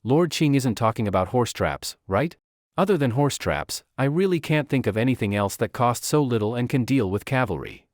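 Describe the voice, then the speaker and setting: A man voices a doubtful court official, speaking in a questioning way with an expressive, medium-pitched voice close to an everyday one. He talks at a moderate pace, and the recording is dry and studio quality.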